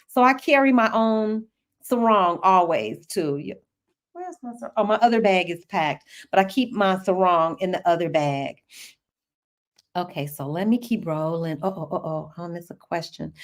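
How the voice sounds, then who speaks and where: Animated middle-aged woman chatting live. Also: mid-range voice, moderate pace. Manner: animated and chatty, laughs often, talks straight to the audience. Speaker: host answering viewer questions. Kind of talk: live-stream Q&A, casual chat.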